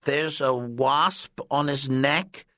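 A man's voice: medium pitch, drawn-out words, pushed and bright, no room sound, studio quality, voice pushed up. A man voicing a blunt, matter-of-fact schoolboy in a read-aloud story. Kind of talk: storybook character voice.

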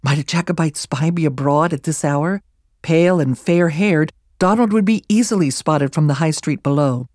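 A narrator reads a historical novel in a measured, even way, close to the microphone. The sound is dry with no room around it, and the pitch sits in the middle. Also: dry recording. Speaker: audiobook narrator. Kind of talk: scripted narration.

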